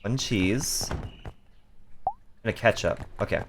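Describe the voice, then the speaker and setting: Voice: medium pitch, takes it slowly, noisy background. A streamer playing a cooking game live, bantering and swearing at chat with frequent laughter.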